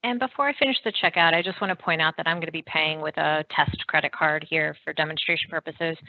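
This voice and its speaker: A woman talks through a software demo in a steady, explanatory way, pausing on fillers now and then. Her voice sits a little low. The recording is close and dry, with a slightly dull, muffled tone. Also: no echo. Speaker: product presenter.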